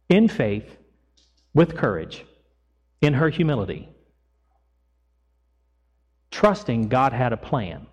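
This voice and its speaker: A man preaching a sermon as pastor, retelling a Bible story in a lively storytelling way and voicing its people casually. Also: medium pitch, slow, long pauses, husky, lo-fi sound. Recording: long echo of a church hall.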